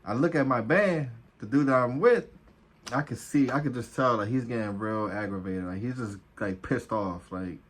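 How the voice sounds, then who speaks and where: A man's voice: mid-range voice, normal speed, a little hiss or hum. A man from New telling a casual, profane, slang-heavy story as a vlogger. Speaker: vlogger, former officer.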